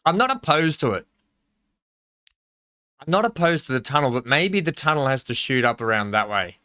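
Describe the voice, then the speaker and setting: A man's voice: medium pitch, very animated, normal speed, bright, forceful tone, no room sound, clean studio sound. A man live-streaming a game, thinking aloud in a rambling, casual way and chatting with his viewers. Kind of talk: casual live-stream chat while gaming.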